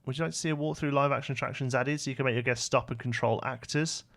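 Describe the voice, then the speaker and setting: A young British man talks casually through a game livestream, rambling and muttering as he works and answering viewers' questions. His mid-pitched voice has a gravelly, creaky edge. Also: fairly even intonation, quick pace, fairly bright tone. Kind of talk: casual live-stream chat while building.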